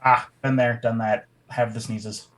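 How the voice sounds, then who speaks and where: A man playing a tabletop role-playing game, speaking calmly and making deadpan remarks. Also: mid-range voice, unhurried. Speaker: player. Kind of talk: casual tabletop game chat.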